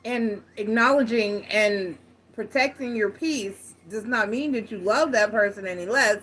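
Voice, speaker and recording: A woman's voice: medium pitch, measured pace, fairly bright tone, breathy edge. A woman giving a casual tarot reading, talking frankly and directly to her viewers, with slang and the odd swear. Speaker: tarot reader.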